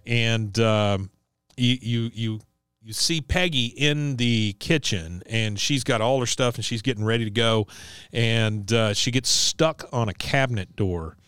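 A man's voice: mid-range voice, fairly bright tone, clean tone, no room sound, studio quality. A man co-hosting a podcast, casually recapping a cartoon episode and acting out the characters' lines. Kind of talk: casual chat.

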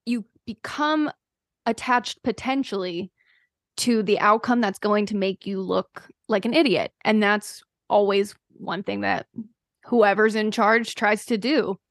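A woman's voice: medium pitch, dry recording. Chatty woman podcast host, dry sound. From North Carolina. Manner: chatty, quick to agree. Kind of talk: casual conversation.

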